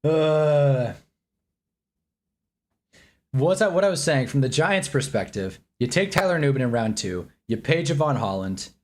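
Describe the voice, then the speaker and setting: A man's voice: on the high side, expressive, measured pace, pauses often, a little hiss or hum. A man reacting live on a stream, rambling and annoyed, joking and talking while he eats.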